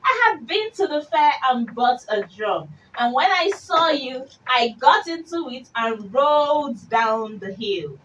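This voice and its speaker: A woman's voice: high-pitched, very animated, measured pace, muffled recording, voice pushed up. A woman voicing a cheeky little pig in a fairy tale, teasing and gleeful. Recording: distant mic with faint hiss.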